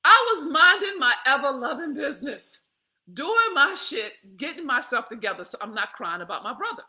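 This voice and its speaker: A woman, telling a candid personal story to her viewers in a profane, animated way, laughing often. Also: sits high, moderate pace. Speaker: vlogger.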